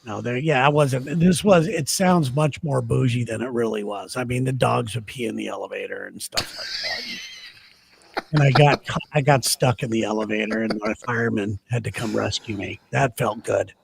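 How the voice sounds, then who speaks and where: A man's voice: medium pitch, moderate pace, vocal fry, a little hiss or hum. A man telling a rambling, laughing story in casual chat on a podcast. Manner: rambling, laughing anecdotes with restarts. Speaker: podcast host.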